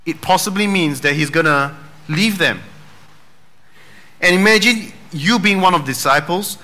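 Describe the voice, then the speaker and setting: A man preaches in an easygoing, joking way, with a bright, forward tone that sits a little high. He asks the room rhetorical questions, checks in with a quick "right?", and slips in puns along the way. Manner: casual and joking, with dad jokes and rhetorical questions. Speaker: pastor. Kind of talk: sermon.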